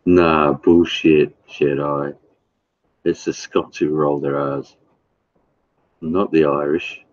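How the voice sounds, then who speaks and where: A man chatting casually with his live stream viewers, blunt and profane, halting with fillers. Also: very deep voice, little pitch movement, breathy edge, dry recording, dull audio. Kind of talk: casual chat.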